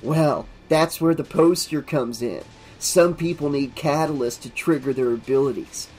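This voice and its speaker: A man's voice: moderate pace, darkish tone, faint music behind, natural voice. A man voicing a strange young man who is darkly amused and turns sinister. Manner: darkly amused, drifting into sinister low tones.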